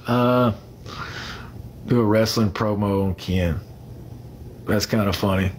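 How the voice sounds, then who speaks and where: A man's voice: fairly low pitch, slow pace, long pauses, a little mellow, a little hiss or hum. A man chatting casually on a phone livestream. He rambles, fills the gaps with "uh", and greets viewers by name.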